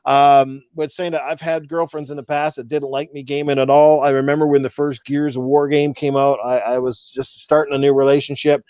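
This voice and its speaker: A man hosting a casual podcast, telling stories in a profane, animated way. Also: medium pitch, a little fast, hardly any pauses, clear, resonant tone, dry recording. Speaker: podcast host. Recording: dull lo-fi dry recording.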